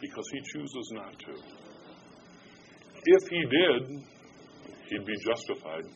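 A man preaching a sermon in a conversational way, swinging from hushed to loud. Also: mid-range voice, sing-song, takes it slowly, dull audio, a little hiss or hum. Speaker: pastor.

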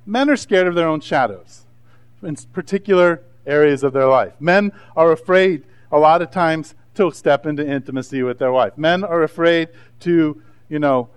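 A man in his thirties preaching a sermon, animated and conversational, acting out asides in different voices. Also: a little high. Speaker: pastor.

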